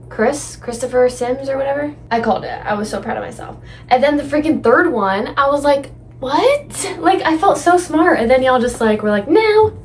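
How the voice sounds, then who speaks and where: A young woman chatting excitedly and casually in a reading vlog. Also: fairly high pitch, a little hiss or hum. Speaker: book vlogger. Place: indoors at home.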